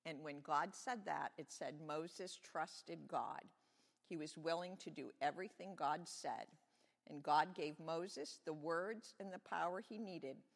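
Woman, children's sermon, simple friendly explaining, gravelly fry, long church reverb. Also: deep voice. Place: church sanctuary.

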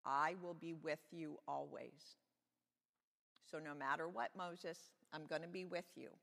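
A booming, commanding God speaks from a burning bush, as a storyteller puts the voice on for children. The lines come slow and emphatic, pitched up with a gravelly edge. The voice rings through a long church reverb. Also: fairly even intonation, a bit bright. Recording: echoey church sanctuary.

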